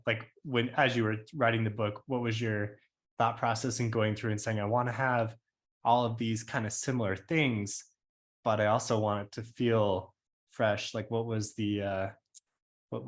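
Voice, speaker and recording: A man co-hosting a podcast, chatting casually and asking long, rambling questions. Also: mid-range voice. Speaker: podcast co-host.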